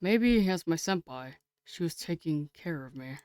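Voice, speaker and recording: A chatty woman streamer reads a game aloud and talks to her viewers, swearing casually as she gets excited. Her voice sits on the lower side. The recording is dry and close. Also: a little slow, no room sound.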